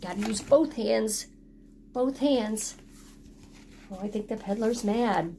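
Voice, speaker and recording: A woman reads a picture book aloud to young children, her high voice moving at an unhurried pace. She keeps stopping to invite her listeners to act along with the story. A faint hum sits under the recording. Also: dark tone.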